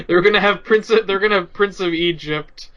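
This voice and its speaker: A man's voice: high voice, fairly bright tone. A man co-hosting a podcast, chatting and joking casually about films. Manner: chatty, joking, quick to laugh. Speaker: podcast co-host. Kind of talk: casual film review chat. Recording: dull lo-fi podcast audio.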